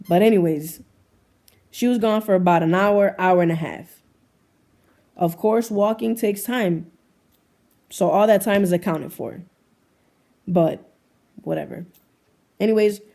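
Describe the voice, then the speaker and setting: A woman's voice: fairly low pitch, mellow. A young woman, telling a long story to camera in a casual, slangy way and quoting the people in it. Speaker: vlogger. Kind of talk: storytime monologue.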